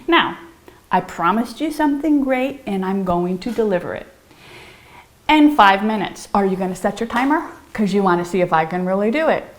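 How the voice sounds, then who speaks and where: A woman's voice: medium pitch, expressive, moderate pace. A middle-aged woman giving a playful piano lesson, bubbly and theatrical, chanting rhymes in a sing-song way and dropping into whispers. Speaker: piano teacher.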